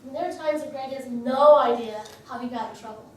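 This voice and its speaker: High-voiced woman in her 40s explaining things at a church workshop, earnest, far off in a big echoey room. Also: a little fast. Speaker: marriage workshop leader. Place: church hall.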